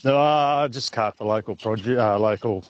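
A man's voice: lowish voice, normal speed, no echo, highs cut off. A middle-aged Australian man, a truck driver, calling in to radio and telling a story in an easygoing way.

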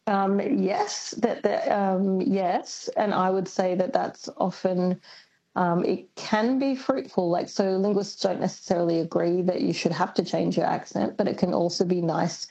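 Husky creaky-voiced woman. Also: lowish voice, fairly even intonation, measured pace, dark tone, dull audio. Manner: thoughtful, explanatory, many ums. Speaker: linguist guest. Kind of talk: radio interview.

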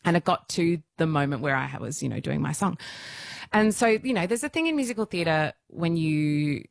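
Low-voiced woman, bubbly storyteller. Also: lively intonation, moderate pace, vocal fry. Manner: enthusiastic, self-deprecating, laughs often. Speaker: musical theatre performer, radio guest. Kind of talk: casual radio interview storytelling.

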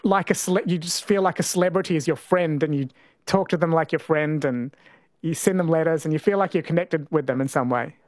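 A talkback radio host, a man with a slightly high voice, keeps things loose and playful as he quizzes callers. He talks into a studio mic that sounds close and dry. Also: fairly quick, dry recording. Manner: playful, chatty, laughs easily. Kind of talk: talkback radio chat and quiz.

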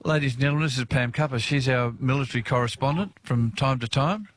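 A man's voice: mid-range voice, fast, slight background noise. A man with an Australian accent hosting a radio show outdoors in a park, chatty and cheerful. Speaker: radio host. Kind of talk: outdoor radio broadcast chat.

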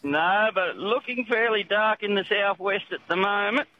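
A man's voice: high-pitched, normal speed, bright, forceful tone, no room sound. A man with an Australian accent calling in to a radio show, laconic and plain-spoken. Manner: laconic, calls everyone mate. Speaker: caller. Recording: dull phone line with faint hiss.

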